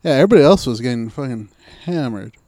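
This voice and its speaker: A man's voice: mid-range voice, animated, fast, mellow. A man co-hosting a podcast in casual chat, laid-back and wry, swearing freely. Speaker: podcast co-host.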